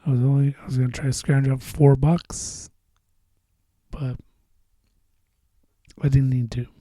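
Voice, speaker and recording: A man's voice: mid-range voice, level tone, measured pace, dark tone, no echo. A man hosting a casual solo podcast, rambling and profane, often drifting into mumbles. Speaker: podcast host.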